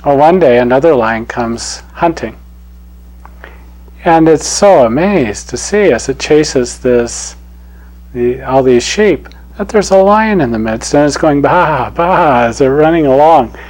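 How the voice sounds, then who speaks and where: Slow, unhurried male spiritual teacher. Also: medium pitch, lively intonation, darkish tone, low-quality recording. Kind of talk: spiritual talk with storytelling.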